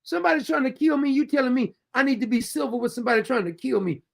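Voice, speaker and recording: A gravelly-voiced man hosts his own show in an angry political rant. He is blunt, heated and profane, and he hammers each point home like a preacher. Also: very high-pitched, animated, fast. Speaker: show host.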